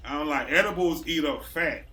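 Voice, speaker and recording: Bright-voiced man telling a wild story. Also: on the high side, moderate pace, slight background noise. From Racine, Wisconsin, US. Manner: animated storyteller, acts out quotes, swears freely. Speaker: podcast host. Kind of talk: casual storytelling chat.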